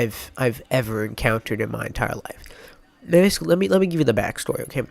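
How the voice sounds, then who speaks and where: A man's voice: mid-range voice, lively intonation, quick pace, gravelly, no echo. Young man with a stuffed-up nose. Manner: rambling, mock-dramatic storytelling with filler words. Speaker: YouTuber. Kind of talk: storytime vlog.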